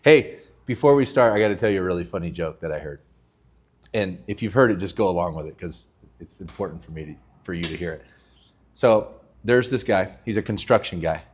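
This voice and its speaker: A man hosts a casual chat. He tells stories with lots of energy and laughs often. His pitch rises and falls freely. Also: fairly quick, breathy edge. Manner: animated storyteller, laughs often. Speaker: podcast host. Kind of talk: casual chat with joke telling.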